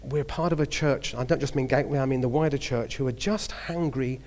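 Cockney preacher in his fifties, mid-pitched, chatty and storytelling, trips over his words. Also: a little fast, darkish tone. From southeast London. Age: 50s. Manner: chatty storytelling with hesitations and restarts. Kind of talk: sermon.

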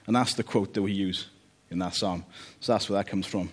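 A man preaching a relaxed, conversational sermon, joking about family life and often checking in with "okay?". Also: lowish voice, fairly quick, hardly any pauses, husky. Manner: chatty, jokey, checks in with "okay?".

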